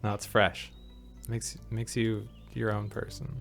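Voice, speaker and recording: A man's voice: on the low side, monotone, measured pace, vocal fry, a bit bright, faint music behind. Playful man reading stream chat. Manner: playful, reads chat comments aloud.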